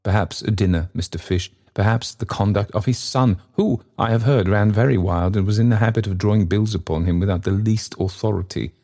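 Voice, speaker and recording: A man's voice: fairly low pitch, fairly quick, hardly any pauses, dark tone. A man voicing a smug, pompous male alderman who speaks in sanctimonious tones.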